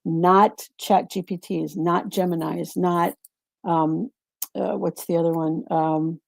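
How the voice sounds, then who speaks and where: A woman's voice: lowish voice, steady tone, slow, creaky, no room sound. A woman who coaches presenters, speaking over a video call in a reflective way and repeating words for emphasis. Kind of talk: casual panel chat.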